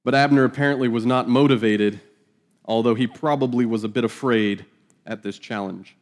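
Speaking at an ordinary pace in a medium-pitched voice, this man reads Bible passages and explains them one verse at a time. He keeps things loose, cracking jokes and laughing as he goes.

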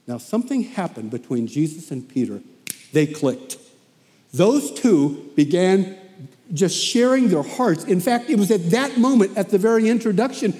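A man preaching a sermon as animated storytelling, often repeating himself as he goes. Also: high voice, long reverb tail.

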